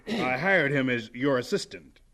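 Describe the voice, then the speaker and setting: An actor playing a firm, authoritative middle-aged school head who speaks in a measured, matter-of-fact way in a radio drama. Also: male voice, mid-range voice, expressive, pushed and bright.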